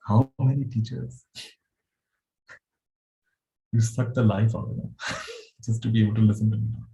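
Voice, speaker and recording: Male meditation teacher: low, dark, gravelly voice; gentle, chuckling storyteller. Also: steady tone, moderate pace, rough recording. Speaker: spiritual teacher. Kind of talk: dharma talk.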